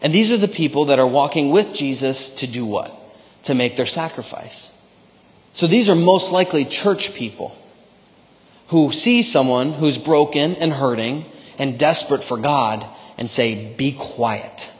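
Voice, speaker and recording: A pastor delivering a sermon in a church, talking conversationally with frequent "right?" asides to the congregation. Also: male voice, on the high side, animated, a little slow. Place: church sanctuary. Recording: long church hall reverb.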